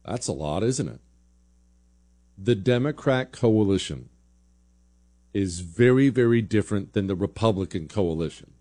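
A man's voice: lowish voice, expressive, a little slow, pauses often, dark tone. A man hosting a political talk show, giving blunt, sarcastic opinion commentary in a conversational way.

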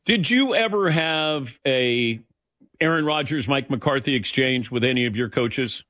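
A man hosting a sports radio show, reading scores and chatting with a guest in a brisk, dry, joking way. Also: medium pitch, lively intonation, sharp tone, no room sound.

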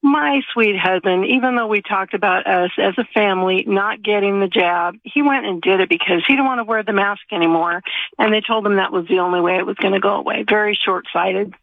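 A woman's voice: medium pitch, a little fast, no room sound. An older woman calling in to a radio show, earnest and sorrowful as she talks about her husband. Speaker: caller. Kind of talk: phone call to a radio show. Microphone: telephone. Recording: gravelly voice over a tinny phone line.

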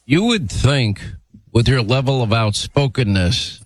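A man hosts a talk radio show, brisk and emphatic. His voice sits in a middle register. The sound is dry and close, with no room echo. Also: medium pitch, animated. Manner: brisk, emphatic, scripted delivery. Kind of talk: talk radio monologue and interview.

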